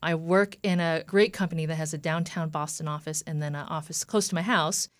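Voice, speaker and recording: A woman in her thirties tells her story in an earnest, lively way. Her voice sits low, and the recording is dry and close. She often quotes what others said to her. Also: a little fast, no echo. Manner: earnest, retelling with quoted dialogue. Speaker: guest. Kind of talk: personal story in an interview.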